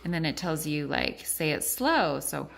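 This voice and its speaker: A woman's voice: low voice, big pitch swings, a little slow, creaky. A woman in her thirties, a mother chatting casually at home about teaching her kids, rambling with lots of fillers and switching to sing-song praise for her children. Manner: chatty and rambling, full of "like" and restarts. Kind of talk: casual home vlog chat.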